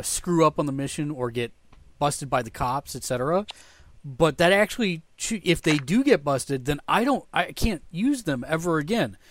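A slightly high-pitched man chatting casually on a podcast, excitable and animated, circling back to repeat himself as he talks. The sound is dry and close with no room around it. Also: no room sound. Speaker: podcast co-host. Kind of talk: casual chat.

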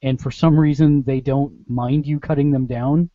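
A man's voice: mid-range voice, fairly even intonation, normal speed, dark tone, no room sound, muffled recording. A man hosting a casual gaming podcast, joking and rambling as he hands the mic around. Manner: jokey, rambling, dad-joke teller. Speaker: podcast host.

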